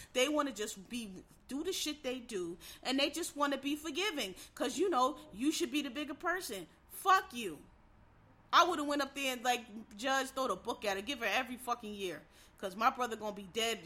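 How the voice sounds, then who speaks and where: A woman's voice: fairly high pitch, bright, forceful tone. Blunt, profane woman in a heated rant. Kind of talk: impassioned monologue to viewers.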